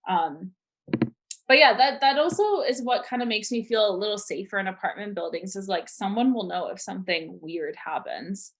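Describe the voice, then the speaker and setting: A woman's voice: mid-range voice, moderate pace. Young woman rambling through a story. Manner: rambling, animated storytelling with many "like"s. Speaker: podcast co-host. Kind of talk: casual storytelling chat.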